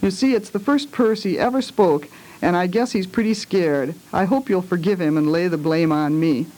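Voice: mid-range voice, moderate pace, dark tone, natural voice, low-quality recording. A storyteller voicing a cheeky, charming boy in a read-aloud story, eager and apologetic. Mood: coaxing.

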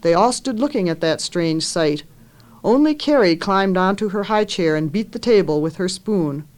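Reading her own story aloud, this woman author keeps a steady, expressive pace in a fairly low register. Her pitch rises whenever she voices a character's dialogue.

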